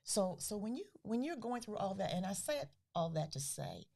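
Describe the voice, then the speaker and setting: A middle-aged woman who founded a grief foundation, speaking earnestly as a podcast guest, with soft, breathy trailing phrases. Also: medium pitch, sing-song, moderate pace. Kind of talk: podcast interview.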